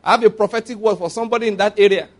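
A man's voice: sits high, fairly even intonation, very fast. A man, preaching a sermon in a conversational way, with asides and call-and-response. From Nigeria.

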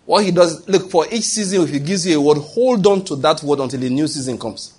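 A man's voice: fairly high pitch, lively intonation, fairly quick, darkish tone, husky. A man preaching a sermon, emphatic, posing questions to the congregation and answering them himself.

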